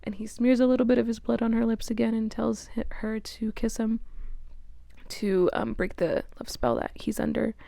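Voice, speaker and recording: A woman's voice: a little high, fairly even intonation, normal speed, creaky, mellow, no room sound, clean studio sound. A young woman giving a casual, chatty book recap, swearing and laughing often. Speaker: book reviewer.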